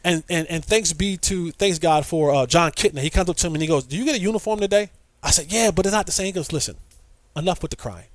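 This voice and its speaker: A middle-aged man telling a story with lively energy, acting out quotes and repeating himself as he goes. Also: fairly high pitch, quick pace, no echo. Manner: excitable storyteller, acts out quotes, repeats words. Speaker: podcast guest, former player. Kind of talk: animated storytelling.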